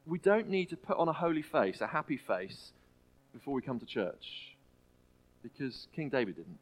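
A man preaching a sermon in a church, earnest and halting, often restarting his phrases. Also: on the high side, rough recording. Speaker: pastor.

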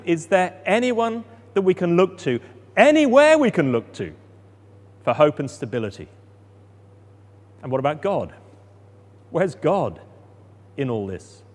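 A man preaching a sermon, his fairly high voice swinging up and down with lively feeling. The sound carries the long reverb of a large hall. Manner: expressive, rising for drama and dropping soft for calm.

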